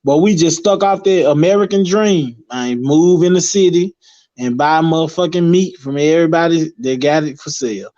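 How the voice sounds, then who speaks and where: A man's voice: fairly high pitch, normal speed, warm tone. A man talking as a guest in casual chat, rambling and emphatic, swearing freely. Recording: dull lo-fi recording.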